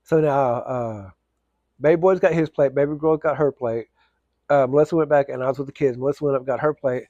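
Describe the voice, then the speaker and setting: A man's voice: mid-range voice, fairly quick, dark tone, dry recording, dull audio. A man telling a casual, rambling story, full of fillers and restarts.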